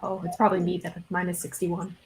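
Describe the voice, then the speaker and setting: A woman's voice: on the low side, completely flat delivery, quick pace, a little mellow. A woman playing a tabletop game, talking eagerly and casually. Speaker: player.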